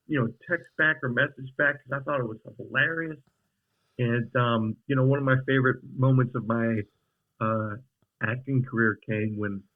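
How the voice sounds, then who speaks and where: A man telling stories as a guest on a podcast, in a mid-pitched voice. He talks in a rambling, animated way, often backtracking and repeating words. The sound is a little dull and lo-fi. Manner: rambling, animated, with many restarts and laughs. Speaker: actor guest. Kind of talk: casual interview storytelling.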